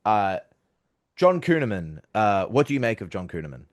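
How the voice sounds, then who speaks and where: A man conducts a casual interview, his slightly low voice lifting into playful teasing. He keeps the questions loose and jokey. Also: very animated, moderate pace.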